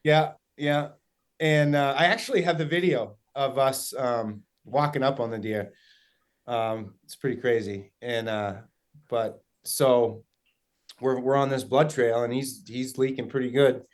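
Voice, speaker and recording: A young man with a New England accent telling a hunting story in casual chat, rambling and excited, full of fillers. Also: mid-range voice, a little slow. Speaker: guest hunter.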